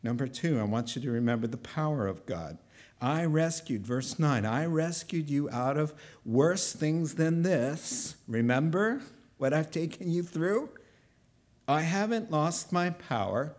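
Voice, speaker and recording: Animated preaching man, slightly high voice. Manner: animated preaching, voices God's words in first person. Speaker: pastor. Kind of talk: sermon.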